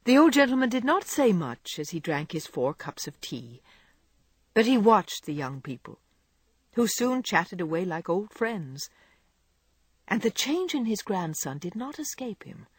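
An audiobook narrator reads a classic novel in a measured, expressive way. The voice is husky and dry, recorded close with no room sound. The pitch moves in lively swings. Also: no echo. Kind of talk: scripted narration.

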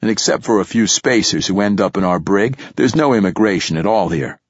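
A man voicing a blustering, profane military commander who grows loud and harsh when crossed. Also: on the low side, fairly quick, breathy edge, dry recording, muffled recording. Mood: evasive. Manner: blustering, rising to shouting when angry.

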